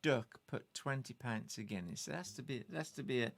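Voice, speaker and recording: A man co-hosting a casual music stream, making slow, lively remarks. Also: mid-range voice, gravelly. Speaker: co-host and guitarist. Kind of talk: casual live-stream chat.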